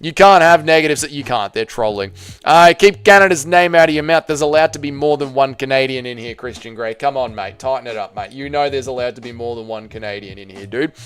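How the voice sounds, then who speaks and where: A man's voice: medium pitch, brisk, a bit bright, smooth. A man with an Australian accent hosting a casual livestream, reading chat comments aloud and answering with crude banter. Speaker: livestream host.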